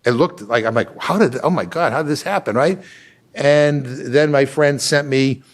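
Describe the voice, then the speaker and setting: An older man, a congressman, talking casually with frequent restarts and fillers, growing animated as he tells a story. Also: medium pitch, normal speed. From Massachusetts. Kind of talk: casual conversational talk.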